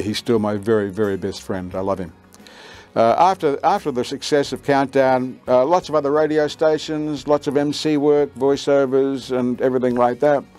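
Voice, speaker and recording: An older Australian man, a veteran radio announcer and voiceover artist, recalls his career with lively storytelling and acts out quoted lines. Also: mid-range voice. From Queensland, Australia.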